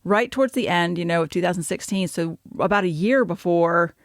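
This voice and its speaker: A woman's voice: fairly low pitch, fairly quick, no echo. Chatty woman podcast co-host, dry mic. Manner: chatty, laughs often, trails off with fillers. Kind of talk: casual podcast chat.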